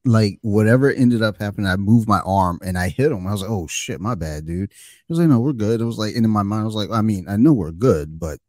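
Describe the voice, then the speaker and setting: A man with a low, deep voice hosts a podcast in relaxed conversation. He tells self-deprecating stories in an easygoing way. The sound is dry and close, with no room echo. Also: brisk. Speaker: podcast host. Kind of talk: casual chat.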